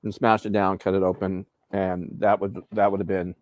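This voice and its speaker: A man casually chatting while hosting a live breakfast cooking stream, rambling and relaxed with plenty of fillers. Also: low voice, moderate pace, no room sound. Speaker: host.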